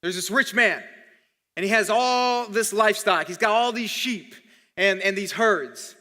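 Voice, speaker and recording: A man's voice: sits high, measured pace, sharp tone, in a large hall. A man preaching a sermon as pastor, conversational and often repeating words while he thinks. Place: church hall.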